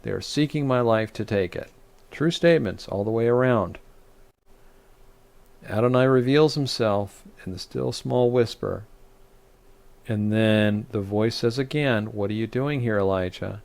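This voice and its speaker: A man's voice: fairly low pitch, a little slow, creaky, darkish tone. A man, a rabbi, teaching a Torah study, reading scripture aloud and explaining it with frequent restarts and fillers.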